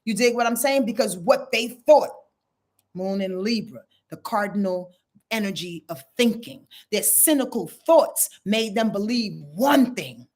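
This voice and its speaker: Woman astrologer doing her weekly rundown, swears a lot, goes loud then quiet, really expressive voice. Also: measured pace. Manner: blunt, profane, emphatic, talks straight to viewers; animated, swings between loud and low.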